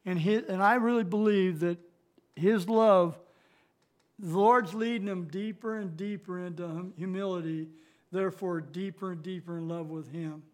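High-voiced man teaching the Bible. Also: steady tone. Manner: plain-spoken, halting, with restarts and fillers; reads scripture slowly, rising louder on key verses.

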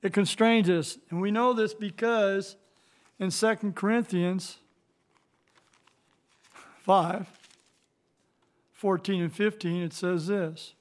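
A man with a rather high voice leads an informal Bible lesson, talking plainly with frequent restarts and fillers. When he reads verses he slows down and lifts his voice. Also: fairly even intonation. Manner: reads scripture slowly, rising louder on key verses. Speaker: Bible study teacher.

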